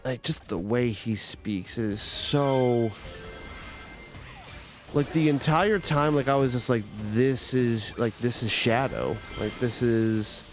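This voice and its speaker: A young man talks loosely while he plays, circling his point with plenty of "like" and false starts. His voice sits at an ordinary middle pitch. Soft game music runs faintly underneath. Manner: rambling, full of "like" and restarts. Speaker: gaming streamer. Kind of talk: casual chat while playing a game.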